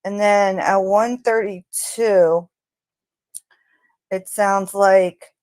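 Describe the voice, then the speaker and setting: Slow, hesitant woman narrating true crime. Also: mid-range voice, steady tone, darkish tone, no echo. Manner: speculative, hesitant, with fillers. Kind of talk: narrating audio analysis.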